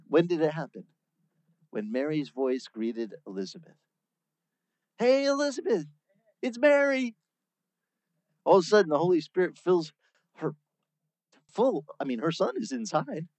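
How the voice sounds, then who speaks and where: Man preaching, conversational bible teaching, fairly high voice, dry close sound. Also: lively intonation, normal speed, darkish tone, dry recording. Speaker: pastor. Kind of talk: sermon.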